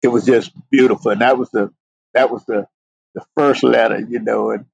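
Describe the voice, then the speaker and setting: A middle-aged man speaks in a husky, gravelly voice, earnest and heartfelt as he tells his story on a podcast. The sound is close and dry, with no room around it, and he fills his talk with "you know". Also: medium pitch, fairly even intonation, normal speed, darkish tone, dry recording, muffled recording. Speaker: podcast guest, police sergeant.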